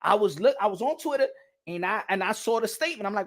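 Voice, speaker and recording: A man hosting a boxing channel in casual reaction commentary, excitable and profane, laughing often and repeating himself. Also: sits high, fast. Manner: repeats himself, bursts into yelps.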